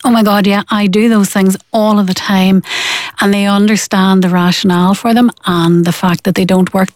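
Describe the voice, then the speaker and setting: A woman's voice: mid-range voice, moderate pace, no room sound. A woman, a parenting expert explaining her methods in an interview, acting out the parents she quotes. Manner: animated, acts out quoted parents.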